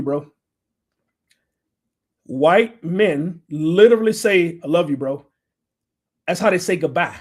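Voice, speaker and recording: A man's voice: on the high side, darkish tone. A middle-aged man from the United States talking bluntly and profanely to a live audience, rambling and swearing constantly. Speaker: speaker addressing a live audience. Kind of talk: profane, loose talk to a room.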